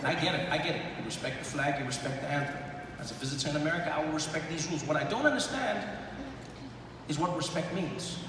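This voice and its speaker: Animated comedian in a huge echoey arena. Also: male voice, a little high, quick pace. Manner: animated, slips into voices and sung bits. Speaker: stand-up comedian. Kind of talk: stand-up comedy. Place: large arena on stage. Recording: echoey arena from far off, noisy. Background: crowd laughter.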